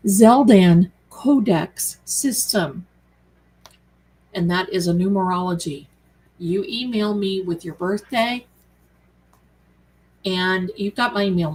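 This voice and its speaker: A woman's voice: mid-range voice, rough recording. A woman hosting a tarot live stream, chatting casually and affectionately with viewers she calls her darlings. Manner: chatty and rambling, reads out viewer comments.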